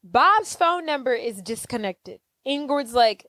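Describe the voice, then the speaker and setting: A woman's voice: a little high, expressive, moderate pace, no room sound, clean studio sound. A woman co-hosting a podcast in casual chat, blunt and profane, acting out movie lines as she recaps. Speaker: podcast co-host.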